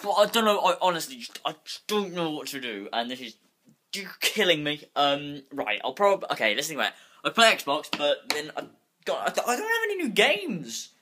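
A restless young man rambling casually into a handheld phone at home. His voice is bright and a little high, and it leaps around in pitch as he swears and wanders from thought to thought. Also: very animated, normal speed. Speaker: vlogger. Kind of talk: casual vlog. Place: bedroom at home. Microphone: phone held in hand.

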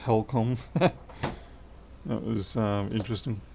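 A man's voice: lowish voice, steady tone, slow, vocal fry, mellow, a little hiss or hum. A middle-aged man, chatting casually and thinking aloud while he works through a repair on a livestream. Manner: rambling, thinks aloud, answers chat.

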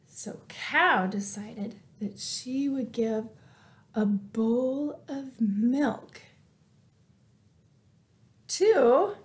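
A woman librarian reading a children's story aloud, expressive and playful, asking the children questions and dropping to whispers. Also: high-pitched. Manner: animated, slow and expressive, asks the children questions, drops to whispers.

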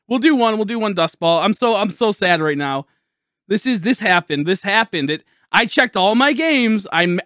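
A young man streaming a video game live, loud and exasperated, laughing and swearing as he talks to his chat. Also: high-pitched, no room sound, clean studio sound.

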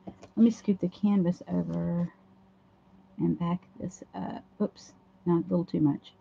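A hoarse woman hosts a casual craft livestream, chatting through each step as she works at a home craft table. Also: lowish voice, fairly even intonation, measured pace, dark tone. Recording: dull lo-fi livestream audio.

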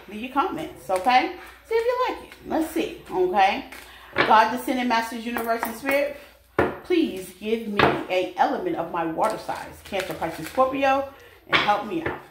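A woman giving a casual, chatty tarot reading to her viewers, laughing often and calling them babies. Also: a little high. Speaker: tarot reader. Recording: echoey room with faint noise.

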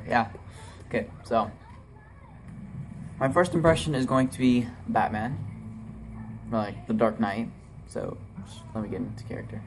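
Slow-talking casual male vlogger. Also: mid-range voice, a little hiss or hum. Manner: unhurried, rambling, offhand. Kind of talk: casual impressions vlog.

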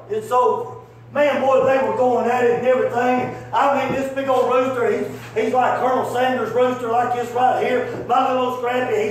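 A male evangelist preaching through folksy stories, rambling and peppering his talk with "man" and "buddy". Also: extremely high pitch. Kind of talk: sermon with storytelling. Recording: echoey hall from far off, faint hum.

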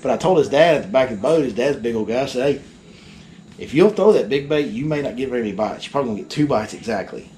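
A fishing guide telling a story in casual chat, animated and acting out the people in it. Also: male voice, medium pitch, rapid-fire, slight background noise.

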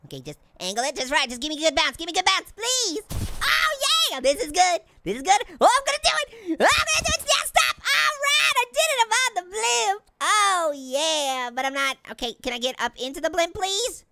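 Brisk and high with big pitch swings, this voice plays a hyper, giggly talking orange, a goofy cartoon prankster gleefully joking nonstop. It's a let's-play host delivering excited commentary on a video game, with background noise behind him.

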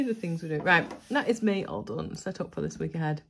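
A woman's voice: low-pitched, fairly quick, vocal fry, a little hiss or hum. A woman talking to camera at home at night, chatty and self-mocking as she thinks aloud. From United Kingdom. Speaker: budgeting vlogger. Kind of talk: casual chat to camera.

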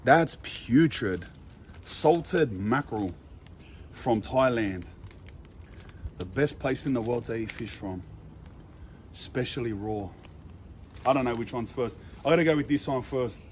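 A young man vlogging a food challenge in a loud, slangy way, full of exaggerated disgust. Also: medium pitch, animated, unhurried, long pauses, a little hiss or hum. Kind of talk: casual vlog.

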